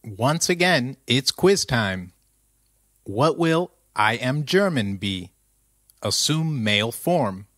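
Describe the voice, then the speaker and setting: A man's voice: medium pitch, sing-song, takes it slowly, a bit bright, no room sound, clean studio sound. A man narrating a scripted language lesson, speaking carefully and repeating phrases for the learner to say back. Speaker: language teacher.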